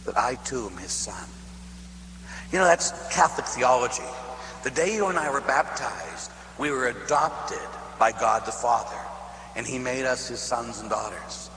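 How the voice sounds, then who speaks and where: A man from Pittsburgh, a priest, preaching a sermon as a lively storyteller who acts out voices and laughs at his own tale. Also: mid-range voice, a little slow. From Pittsburgh, USA. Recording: echoey hall with faint hum.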